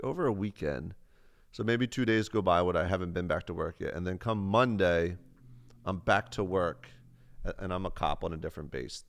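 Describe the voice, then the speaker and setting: Low-voiced man telling a rambling story. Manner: rambling, profane, self-mocking. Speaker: livestreamer telling a personal story. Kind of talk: casual storytelling on a livestream.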